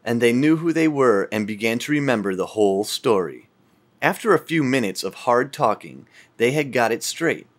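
A man narrating a storybook audiobook in a calm, measured way. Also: medium pitch. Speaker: audiobook reader.

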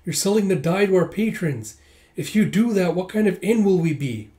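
A man's voice: sits high, expressive, moderate pace, voice pushed up. A man doing a frantic pleading innkeeper. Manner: pleading, loud.

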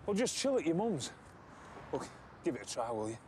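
Dad, middle-aged, teasing, lively pitch, noisy car. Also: male voice, brisk. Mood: easygoing. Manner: teasing, jokey banter. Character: joking working-class dad, middle-aged. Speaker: father.

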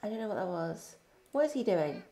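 A woman's voice: mid-range voice, fairly quick, creaky, echoey room, a little hiss or hum. A young woman gushing and cooing as she comments on a life-sim game she is playing. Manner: gushing, excitable, cooing baby talk. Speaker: gaming YouTuber. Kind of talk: let's-play commentary.

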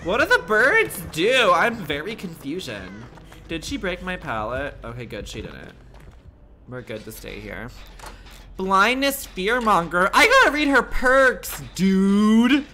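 A man's voice: a little high, very animated, unhurried, pushed and bright, slight background noise. A young man streaming a game live, talking in a campy, sassy, profane way and laughing often. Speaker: gaming streamer. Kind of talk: live gameplay commentary.

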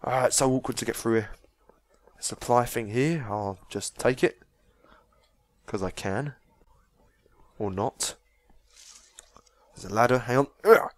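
A man's voice: medium pitch, no room sound. A young man giving casual, sweary let's-play commentary, chatting and joking as he reacts to the game. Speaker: gaming video host.

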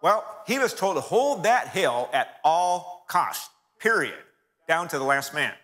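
A man speaks from the pulpit, telling history as a lively story and calling his listeners folks. His voice is bright and sits a little high. A long reverb from the church hall trails each phrase. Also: a little slow. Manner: storytelling, addresses audience as folks.

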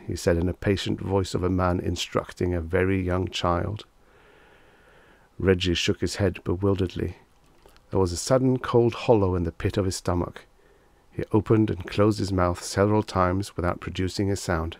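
A male audiobook narrator with a low voice reads a vintage short story in a measured, wry way. The recording is close and completely dry. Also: steady tone, vocal fry, a little mellow, dry recording.

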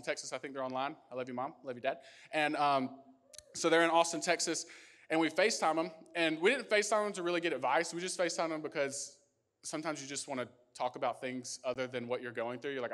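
A young male pastor preaching a sermon, telling a lively personal story full of casual fillers. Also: fairly high pitch, fast talker. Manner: storytelling, animated, many fillers like "like".

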